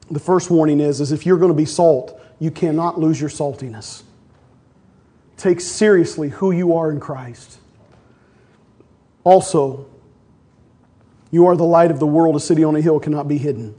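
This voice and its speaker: A man preaching a sermon as pastor, emphatic, swinging from loud declarations to hushed asides and calling on the congregation to respond. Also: on the high side, normal speed, pauses often, breathy edge.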